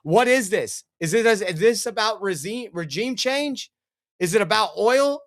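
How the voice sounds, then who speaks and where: A man's voice: high-pitched, expressive, measured pace. A man hosting a political commentary show, telling rambling anecdotes in a casual, chatty way.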